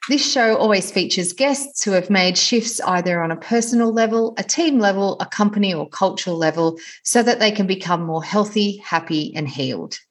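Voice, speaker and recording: A woman's voice: medium pitch, animated, moderate pace, hardly any pauses. Effusive woman podcast host. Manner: warm, effusive praise of the guest. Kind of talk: scripted intro then casual interview.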